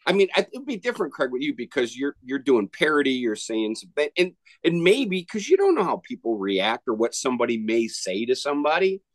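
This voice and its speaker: A man's voice: medium pitch, big pitch swings, fairly quick, few pauses, no echo. A man co-hosting a podcast, telling a rambling story in casual chat with frequent restarts. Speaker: podcast co-host.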